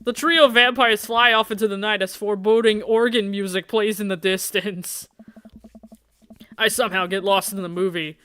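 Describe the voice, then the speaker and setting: Animated, jokey game streamer. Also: medium pitch, normal speed, a little hiss or hum. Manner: animated, jokey, laughs often. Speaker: streamer playing a dating game. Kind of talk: live game playthrough, reading aloud.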